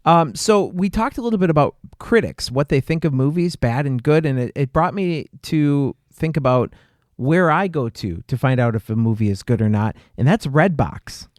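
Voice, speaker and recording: A man hosting a podcast, chatting in a relaxed, friendly way with fillers. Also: on the high side, normal speed, no room sound, studio quality. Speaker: podcast host. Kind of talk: casual interview chat.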